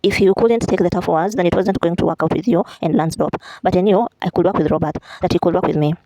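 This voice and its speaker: A woman's voice: on the low side, quick pace, warm tone, no echo, low-quality recording. A woman reading a memoir aloud in a casual way, correcting herself now and then and adding chatty asides.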